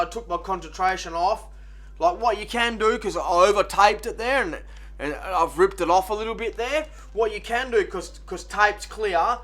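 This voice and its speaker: Man, hungover, sweary and rambling, high-pitched. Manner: sweary, rambling, deadpan mock advice. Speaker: vlogger. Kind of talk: comedic how-to vlog.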